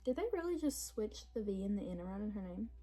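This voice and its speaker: A young woman chatting casually to camera about books, rambling and animated. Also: mid-range voice, fast talker, soft background music, rough recording. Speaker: book vlogger.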